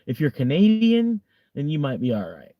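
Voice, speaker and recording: A man's voice: fairly high pitch, wildly swooping pitch, normal speed, dry recording, dull audio. A young American man chatting casually on a livestream, rambling with lots of fillers and frequent laughter. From United States. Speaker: livestream host.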